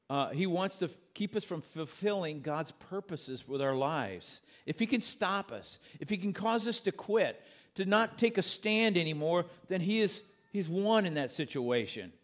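Man preaching in a conversational tone. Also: a little high. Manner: conversational preaching with corny jokes; reads scripture aloud and explains it. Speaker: pastor. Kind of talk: sermon.

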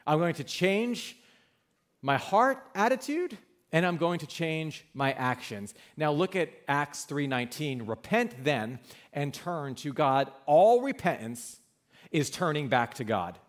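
A male pastor preaching a sermon in a church, emphatic, asking the congregation questions and answering them, dropping to hushed low lines and rising to loud ones. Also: very animated, a little slow.

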